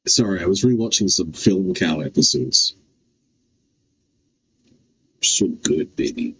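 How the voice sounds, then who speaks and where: A man streaming a game, reading its dialogue aloud and firing off loud, incredulous, swearing reactions. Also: sits low, animated, slow pace, dull audio, slight background noise.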